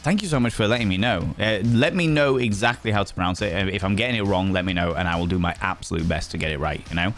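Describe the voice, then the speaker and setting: A man's voice: fairly low pitch, fast, few pauses, soft background music. A man with a Yorkshire accent hosting a livestream, chatting casually and teasing viewers as he reads their messages. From England. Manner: playful, teasing, greets viewers as cheeky devils. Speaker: livestream host.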